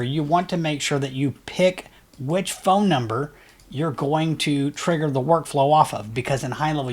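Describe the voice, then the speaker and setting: A man who runs an agency, talking casually through a software tutorial with upbeat, rambling speech and frequent fillers. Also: mid-range voice. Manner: loose, rambling, many fillers and restarts; enthusiastic, says "really cool" often. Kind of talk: casual screen-share tutorial.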